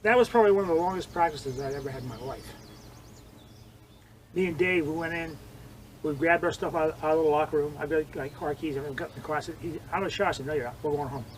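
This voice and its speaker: Older guy telling stories outside, kinda high voice, faint birds and outdoor noise behind. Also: quick pace, poor audio. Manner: animated storyteller, acts out quotes, swings loud and soft. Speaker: interviewee, former judo training partner. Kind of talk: storytelling interview.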